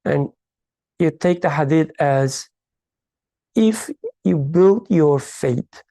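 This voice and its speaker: Slow, halting speaker in a study circle. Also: mid-range voice, lively intonation, warm tone, no echo. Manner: halting, searching for words, thinking aloud; uneven non-standard English grammar. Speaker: study circle participant explaining a hadith. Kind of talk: reflective discussion in a faith study circle.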